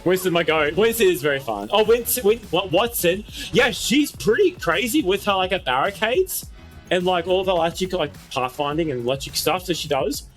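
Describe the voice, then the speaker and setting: An excitable young man commentating his own gameplay on a live stream, with a voice that sits a little high for a man. He shouts quick callouts, swears casually and repeats himself insistently when he argues, while faint music plays under him.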